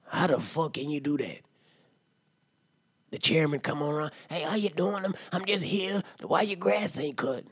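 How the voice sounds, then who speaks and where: A rowdy drunk uncle holds forth with a husky, breathy voice, as a man puts him on. He rants and swears loudly, then sinks into low asides in a comic monologue. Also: normal speed, no echo. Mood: ranting. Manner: loud profane rant, swings to low mutters. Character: rowdy drunk middle-aged uncle ranting. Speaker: comedy podcast character. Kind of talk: comedic monologue.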